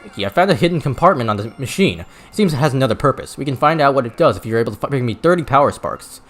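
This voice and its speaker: A man voicing a helpful little male gremlin tinkerer from a video game, with a put-on Brooklyn accent and a chatty, quick manner. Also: mid-range voice, lively intonation, fairly bright tone, soft background music.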